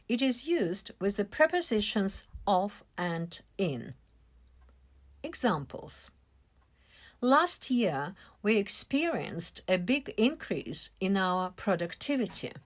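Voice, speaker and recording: Slow, lively-voiced woman teaching English. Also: medium pitch. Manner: slow, careful explaining with stressed syllables. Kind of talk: vocabulary lesson.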